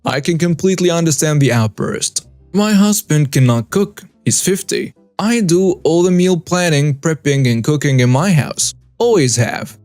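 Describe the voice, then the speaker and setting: A man's voice: fairly high pitch, animated, normal speed, hardly any pauses, dry recording. A man narrating a reader-submitted story as scripted narration, reading in short clipped phrases. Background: soft background music.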